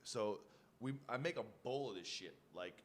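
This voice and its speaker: A man's voice: medium pitch, animated, moderate pace, a little hiss or hum. A man co-hosting a podcast, telling loose, profane stories in casual chat and laughing often. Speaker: podcast co-host.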